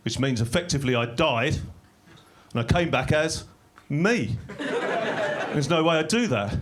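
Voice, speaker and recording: A man doing stand-up comedy in a small club, delivering dry, deadpan one-liners that break into sudden shouted bursts. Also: fairly high pitch, measured pace, background noise. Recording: live club recording with audience laughter. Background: crowd laughing.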